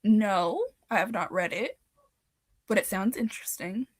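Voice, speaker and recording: Giggly young woman streaming, slow speech. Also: medium pitch, husky, no room sound. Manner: giggly, laughs often, gets loud and excited. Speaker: livestream host. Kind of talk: casual live-stream chat, reading comments.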